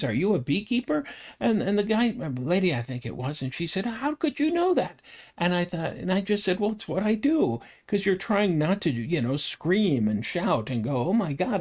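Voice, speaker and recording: A middle-aged man talking casually about tarot cards, rambling from one anecdote to the next. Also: medium pitch. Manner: rambling, anecdotal, animated when telling stories. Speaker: tarot reader and teacher.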